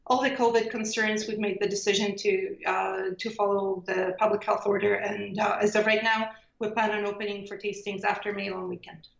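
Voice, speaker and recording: Brief: winery woman guest, steady and informative, roomy muffled line. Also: mid-range voice, vocal fry. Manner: measured, informative, frequent fillers. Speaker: winery representative. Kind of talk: radio interview guest.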